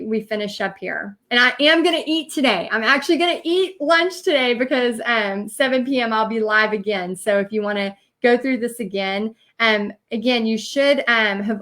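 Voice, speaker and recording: A woman's voice: fairly high pitch, fairly bright tone. A woman giving a live-streamed training talk as a business coach, earnest and emotional, rambling with many fillers.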